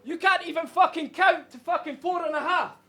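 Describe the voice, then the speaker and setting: A Scottish man battle rapping, mocking his opponent and laughing as he shouts punchlines. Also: very high-pitched, a little fast. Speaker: battle rapper. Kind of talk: rap battle verses over crowd. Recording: echoey venue, loud crowd and noise.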